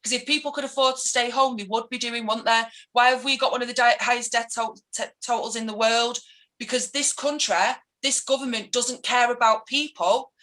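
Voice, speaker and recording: A woman's voice: a little high, fairly even intonation, bright, forceful tone, rough recording. A woman with a Mancunian accent, an activist guest talking politics with passion and mimicking people she criticises. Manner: passionate, ranting, quick to mimic others. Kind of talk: casual political interview.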